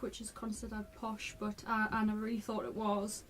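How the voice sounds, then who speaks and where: A woman's voice: mid-range voice, level tone, fairly quick, hardly any pauses. A young woman from North East England with a mild regional accent, chatting thoughtfully in an interview. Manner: chatty, thoughtful, a few ums. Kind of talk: casual interview answers.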